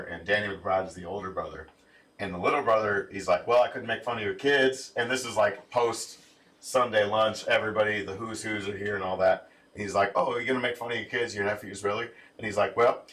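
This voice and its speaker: Bright-voiced man telling a story. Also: fairly low pitch, distant mic. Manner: animated storyteller, laughs while retelling scenes. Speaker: podcast co-host. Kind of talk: casual chat.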